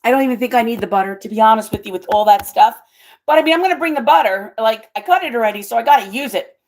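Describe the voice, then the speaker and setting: A woman hosting her own cooking vlog, chatting casually with viewers, excitable and always exclaiming and laughing. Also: a little high, fast. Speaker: cooking vlogger and channel host.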